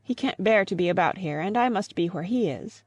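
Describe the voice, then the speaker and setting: A woman's voice: mid-range voice, expressive, a little fast, darkish tone, slightly rough, no echo, highs cut off. A woman reading the part of a grieving old father in an audiobook, earnest and pleading.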